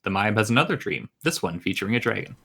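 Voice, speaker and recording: Wry man co-host with a bright, forceful voice reading chapter recaps. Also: on the low side, lively intonation, fast talker, creaky, slight background noise. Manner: wry, joking. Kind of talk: casual book-club chat.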